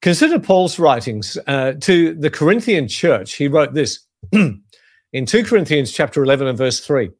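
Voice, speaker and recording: A man preaching as a pastor, earnest and measured, leaning on key phrases for emphasis. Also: a little high, sing-song, no room sound, clean studio sound. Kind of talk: sermon-style teaching.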